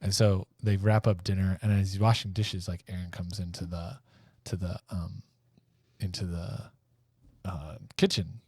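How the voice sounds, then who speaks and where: Podcast co-host, male, lowish voice, dry close mic, rambling comic storyteller who voices the characters as he goes. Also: little pitch movement, measured pace, dark tone, breathy edge, no echo. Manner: rambling, acts out characters' lines while telling the story. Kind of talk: casual comedic storytelling.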